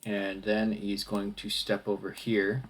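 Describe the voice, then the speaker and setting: Husky low-voiced man running the game. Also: completely flat delivery, measured pace. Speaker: dungeon master. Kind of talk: narrating a tabletop game.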